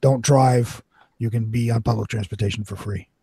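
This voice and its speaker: A man's voice: medium pitch, fairly even intonation, normal speed, creaky, mellow, slightly rough, no room sound. A man with a New York accent in a casual podcast chat, explaining things in an easygoing way. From New York City. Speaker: podcast co-host.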